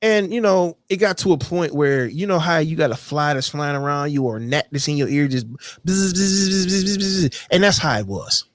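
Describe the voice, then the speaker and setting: A man's voice: a little high, fairly quick, no echo, clean studio sound. A man hosting his own podcast, ranting bluntly and with a lot of profanity about a complaining coworker, and now and then mocking people in a whiny voice. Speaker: podcast host. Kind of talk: casual rant monologue.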